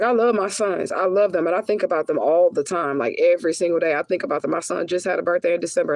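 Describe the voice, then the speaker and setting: A woman's voice: lowish voice, darkish tone, no room sound. A woman spiritual reader giving a casual reading, talking in a blunt, profane way and repeating herself with heat for emphasis. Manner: emphatic, heated repetition.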